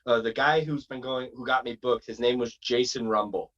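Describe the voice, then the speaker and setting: A man's voice: mid-range voice, steady tone, normal speed, a bit bright, lo-fi sound. A man from Massachusetts, a wrestler, telling a long road-trip story in a rambling, casual way. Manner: rambling, acts out quotes in other voices. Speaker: wrestler guest.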